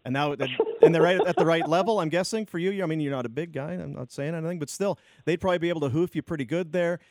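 A man's voice: on the high side, fast, a crowd in the background. A man hosting a casual radio chat, joking and teasing his co-host.

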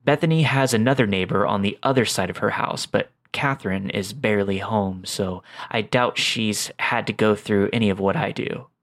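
A man reading a true creepy story aloud in a calm, low-key scripted narration. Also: gravelly.

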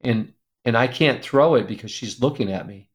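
A man speaking as an interview guest, telling an earnest, emotional story with an animated delivery that drops to a soft hush at tender moments. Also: medium pitch, normal speed. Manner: animated, acts out quoted voices. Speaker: guest speaker, publisher founder.

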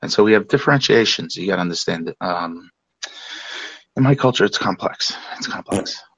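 A man on a live podcast stream, trading deadpan jokes with the host in casual chat. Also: deep voice, brisk, vocal fry, breathy edge, no room sound, muffled recording. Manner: deadpan, joking. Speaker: guest on the livestream.

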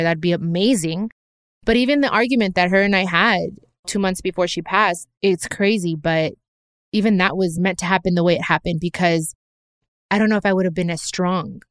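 A woman's voice: fairly low pitch, clear, resonant tone, no echo, studio quality. A woman hosting her own podcast, talking in an earnest, reflective way and slipping in Spanish phrases now and then. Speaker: podcast host. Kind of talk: heartfelt personal podcast talk.

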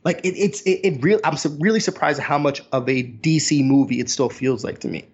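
A man in his thirties in an animated, casual movie review chat, sometimes mimicking voices. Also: a little high, fairly quick, breathy edge, highs cut off. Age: 30s.

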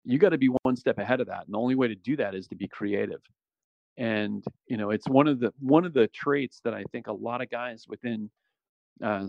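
Gravelly-voiced man in a casual interview. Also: fairly low pitch, no echo, muffled recording. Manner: relaxed, rambling, frequent "you know" and restarts. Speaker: podcast guest, former special operations soldier.

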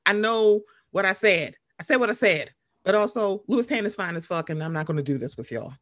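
A woman co-hosting a podcast in casual chat, animated and profane, swinging quickly in pitch and volume. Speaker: podcast co-host.

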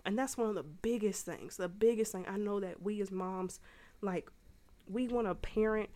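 Chatty young mom podcast host. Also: female voice, mid-range voice, a little mellow. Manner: chatty and storytelling, with slangy asides. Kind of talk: casual faith talk.

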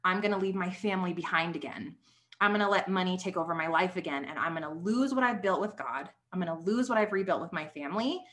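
Casting: young woman, guest on a podcast, chatty, animated storyteller. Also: fairly low pitch, quick pace. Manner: animated storytelling with many likes. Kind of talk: casual testimony.

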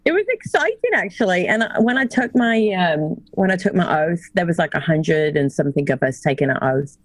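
A woman's voice: lowish voice, very animated, a little fast, no echo. A woman from England with a mixed English and Midwestern American accent, telling her story as a podcast guest with many "you know"s. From England, near Birmingham. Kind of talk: casual interview chat.

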